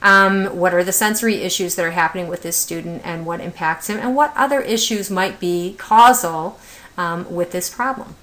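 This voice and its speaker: A woman's voice: fairly low pitch, moderate pace, a bit bright. A middle-aged woman, an autism specialist, giving a training lecture to teachers, talking conversationally with many fillers and rhetorical questions.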